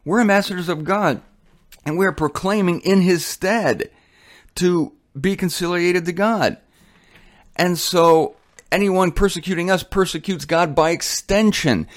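A man's voice: high voice, a little slow. A man preaching a sermon in a blunt, colloquial and emphatic way.

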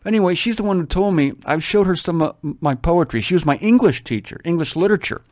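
A man's voice: fairly high pitch, lively intonation, fast, darkish tone, dry recording, clean studio sound. An older man from Ohio reads scripture aloud and breaks off into enthusiastic, rambling commentary and stories. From Ohio, USA. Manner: enthusiastic, storytelling, exclaims often. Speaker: Bible reader and commentator. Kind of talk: scripture reading with digressive commentary.

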